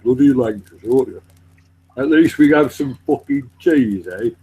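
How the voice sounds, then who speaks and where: A man chatting casually over voice chat, asking curious questions in a relaxed way. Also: mid-range voice, normal speed, husky, rough recording.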